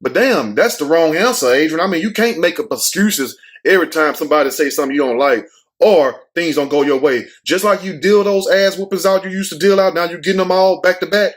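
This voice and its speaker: A man's voice: on the high side, brisk. A man hosting his own show, giving blunt, casual commentary, swearing freely and acting out what others said. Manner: blunt, animated, swears freely, acts out quotes. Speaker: host.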